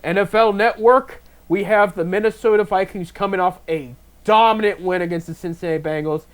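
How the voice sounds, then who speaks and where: Halting man talking football picks. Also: high-pitched. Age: 30s. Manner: halting, restarts and "there you go" fillers. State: talking with a stuffed face. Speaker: sports talk host. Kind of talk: casual sports picks chat.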